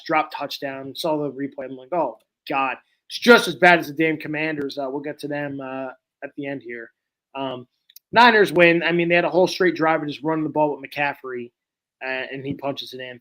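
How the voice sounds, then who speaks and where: A man's voice: a little high, steady tone, brisk, fairly bright tone. A young man co-hosting a podcast, giving blunt, opinionated takes in a casual sports chat. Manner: blunt, opinionated, trash-talking. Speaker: podcast co-host.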